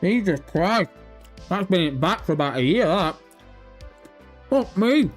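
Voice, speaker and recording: A slightly high-pitched young man talks to his live chat in a loose, profane, excitable way. He sounds nervous and keeps rambling. Soft music plays underneath. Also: normal speed. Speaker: livestream host. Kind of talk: casual live-stream chat.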